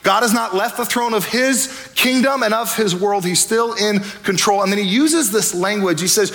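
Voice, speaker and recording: Pastor guy preaching, high voice, chatty and energetic. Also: moderate pace. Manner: energetic, conversational preaching with acted asides. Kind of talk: sermon.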